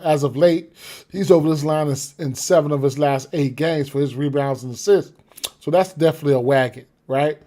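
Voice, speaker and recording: A man with a slightly higher-pitched voice breaks down his betting picks in loose, casual talk. He rambles, repeats himself and keeps checking in with "right?" and "you know what I'm saying?". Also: a little mellow. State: has the hiccups. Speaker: sports betting podcaster.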